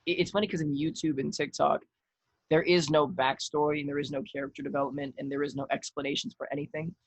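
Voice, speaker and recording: Male podcast guest, slightly high, husky tone, relaxed and candid, dry studio sound. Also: quick pace, no room sound, low-quality recording. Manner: relaxed, thoughtful, swears casually. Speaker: podcast guest, actor and content creator. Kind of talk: casual conversation.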